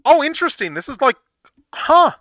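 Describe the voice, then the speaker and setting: A male livestream host with a high, sharply bright voice talks casually as he works, rambling and thinking out loud with bursts of excitement. The recording is a little dull and lo-fi, with a dry sound and no room echo. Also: moderate pace. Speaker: livestream host building model kits.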